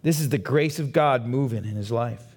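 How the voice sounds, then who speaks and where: A man preaching as pastor, delivering an animated sermon that builds to emphatic peaks. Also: medium pitch, moderate pace, slightly rough. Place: church.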